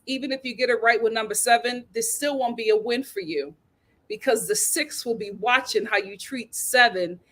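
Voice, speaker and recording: A woman hosting a casual reality TV recap, sassy and animated, laughing as she acts out what people said. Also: on the high side. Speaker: host.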